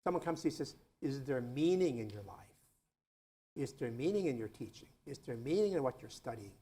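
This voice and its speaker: Chatty priest, slightly high voice. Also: male voice. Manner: conversational storytelling, frequent "you know"; earthy, chuckles between points. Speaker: priest giving a talk. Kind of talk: informal lecture to students.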